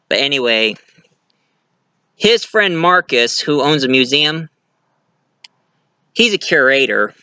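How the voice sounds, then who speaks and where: Bright-voiced chatty male movie reviewer. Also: fairly high pitch, animated, normal speed, clear, resonant tone, dry recording. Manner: rambling, chatty, many restarts, laughs at own jokes. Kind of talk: casual film review monologue.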